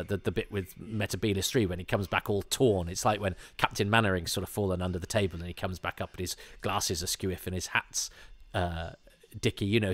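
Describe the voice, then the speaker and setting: A man's voice: on the low side, no room sound, studio quality. A man hosting a podcast, talking through an episode in a casual, rambling commentary full of restarts and fillers, amused as he goes. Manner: chatty and amused. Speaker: podcast host.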